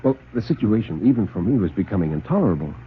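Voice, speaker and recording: A man's voice: lowish voice, fast talker, slight background noise. A man narrating a suspense story in a theatrical radio storytelling style, also introducing the next tale as host. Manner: theatrical, expressive. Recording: tinny old radio broadcast.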